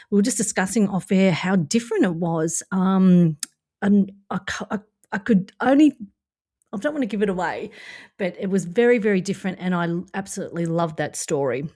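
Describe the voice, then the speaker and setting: A woman's voice: mid-range voice, a little mellow. A woman with an Australian accent hosting a podcast, chatting enthusiastically and laughing often. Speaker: podcast host. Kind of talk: casual chat.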